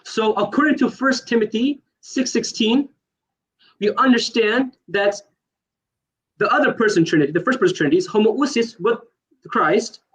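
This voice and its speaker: A man in a heated online debate, pressing his questions fast and insistently, talking over the other side. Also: high-pitched, a bit bright, rough recording.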